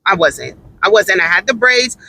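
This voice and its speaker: A woman's voice: mid-range voice, expressive, normal speed, bright, forceful tone, rough recording. A woman telling a story in a casual monologue, emphatic and repeating her points for stress.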